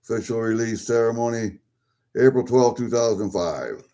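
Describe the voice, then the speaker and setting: A vlogger with a mellow, mid-range voice speaks at a normal speed as he opens packages. His unboxing talk is casual, mostly muttering and rambling to himself.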